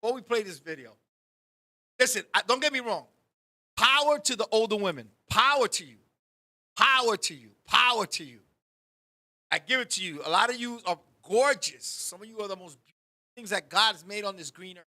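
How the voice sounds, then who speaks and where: A man hosts the show and tells funny stories full of swearing and teasing. His voice sits high and has a bright, pointed edge. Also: brisk, pauses often. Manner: profane, animated, joking. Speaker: podcast host. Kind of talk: comic storytelling on a talk show.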